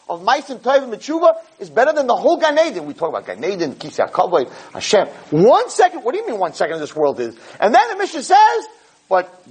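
A man giving a podcast Torah class in an animated way. He stumbles over repeated words as he builds each point and acts out parents and kids in quick asides. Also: sits high, breathy edge. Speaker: Torah lecturer.

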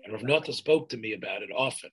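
An older man telling a community history in an oral history interview, halting and restarting often, sprinkling in Yiddish and Hebrew terms. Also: on the low side, lively intonation, slightly rough, poor audio.

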